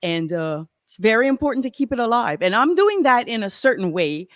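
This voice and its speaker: Middle-aged cajun woman from south louisiana, easygoing guest chat, little pauses, dry close mic. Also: on the high side, sing-song, dry recording. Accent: Cajun French. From Acadiana, South Louisiana. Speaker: podcast guest, metal fabricator. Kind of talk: casual interview chat.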